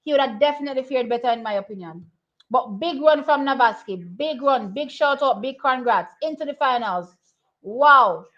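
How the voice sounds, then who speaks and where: A young woman giving casual live commentary on a track race, excitable and repeating herself as she thinks aloud. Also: high voice, normal speed. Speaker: track and field watch-along host. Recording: slightly muffled lo-fi audio.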